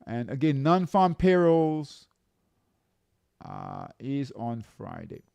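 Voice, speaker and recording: A man coaching traders through charts, in an unhurried, gravelly voice. He keeps asking "okay?" and "right?" along the way. The sound is close and dry. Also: mid-range voice, big pitch swings, a little mellow, dry recording. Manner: repetitive, checks in with "okay?" and "right?". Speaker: trading coach. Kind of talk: live chart walkthrough.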